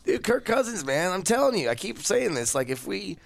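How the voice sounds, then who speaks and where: A man co-hosting a casual sports talk show, animated and excitable, laughing often. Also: high-pitched, a little fast, gravelly, dry recording. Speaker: podcast co-host.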